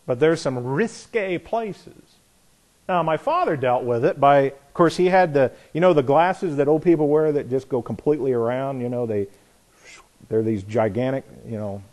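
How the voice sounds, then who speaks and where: A man preaching a sermon, animated, telling stories and asking rhetorical questions. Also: medium pitch, normal speed. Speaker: pastor.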